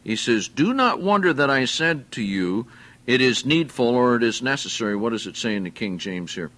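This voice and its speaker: A man preaching a sermon, teaching verse by verse in a slow, deliberate way and putting questions to his listeners. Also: medium pitch, animated, a bit bright. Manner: slow, deliberate, explains Greek words and asks the listeners questions.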